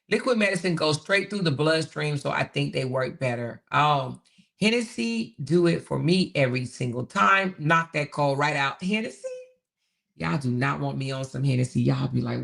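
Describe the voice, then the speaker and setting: Gravelly-voiced woman chatting on a livestream. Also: sits low, lively intonation, moderate pace. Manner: chatty, repeats herself, laughs often. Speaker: livestream host reading viewer chat. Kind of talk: casual live chat.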